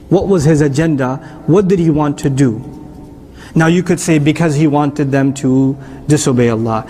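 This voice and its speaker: A middle-aged man preaching a sermon-style lecture, explaining with rhetorical questions and turning animated at times. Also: fairly high pitch, a little hiss or hum. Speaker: Islamic preacher.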